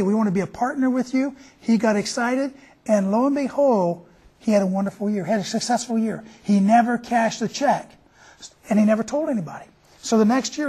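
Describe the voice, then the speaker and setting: A man's voice: very high voice, darkish tone, husky. A man hosting a TV show, telling a story in a folksy, conversational way. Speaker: TV show host.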